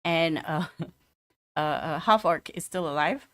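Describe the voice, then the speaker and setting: A woman's voice: low voice, slow. A woman narrating as game master of a tabletop game, hesitant with many fillers.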